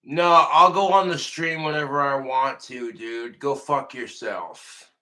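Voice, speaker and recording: A man ranting on a livestream while drinking, profane, tipsy and breaking into loud shouted outbursts. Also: mid-range voice, a little slow, rough recording. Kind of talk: drunken rambling livestream.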